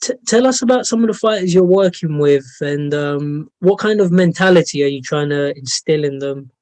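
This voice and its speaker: High-pitched man asking interview questions. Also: moderate pace, a little mellow, poor audio. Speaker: interview host.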